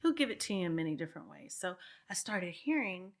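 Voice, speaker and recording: A woman's voice: lowish voice, sing-song, quick pace. A woman in her fifties, a guest in an interview, talking in an earnest, reflective way with some restarts. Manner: earnest, reflective, with frequent restarts and soft laughs. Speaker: guest, real estate broker. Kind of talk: casual interview talk.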